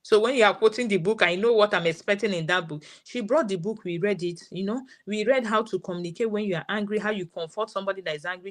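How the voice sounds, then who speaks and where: Nigerian-accented mother telling a story. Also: medium pitch. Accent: Nigerian English. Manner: storytelling, quoting her daughter's words. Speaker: parent guest sharing her experience. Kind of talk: live session testimony.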